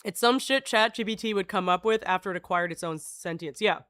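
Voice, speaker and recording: A woman's voice: medium pitch, brisk, a bit bright, no room sound, clean studio sound. Rambling, swearing woman streamer. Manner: rambling, swears freely, chuckles, talks to her chat. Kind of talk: casual live-stream chat, reading aloud.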